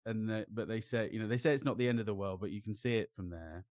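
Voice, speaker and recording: An English man with a Norwich accent chats easily as a co-host. He rambles and restarts in a relaxed way. His voice is recorded close and dry, with no room sound. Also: fairly low pitch, fast, dry recording. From England. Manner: chatty, slips into other accents for quoted speech. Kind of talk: casual chat.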